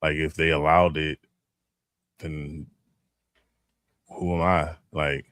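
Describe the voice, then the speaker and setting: Deep-voiced laid-back young man. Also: level tone, slow pace, fairly bright tone, no room sound, studio quality. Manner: laid-back, thinks aloud with fillers. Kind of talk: casual chat.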